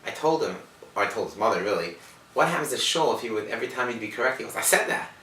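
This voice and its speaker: A man's voice: mid-range voice, animated, rapid-fire, bright, forceful tone, slight background noise. A man, a bar mitzvah tutor, telling an amused story about his student. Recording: echoey room, distant mic.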